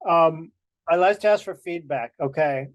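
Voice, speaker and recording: A man with a somewhat high voice steers an online group session, sharing his screen and moving things along. He sounds friendly and practical, and the audio is dry, as on a video call. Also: normal speed, no echo, highs cut off. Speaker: group facilitator.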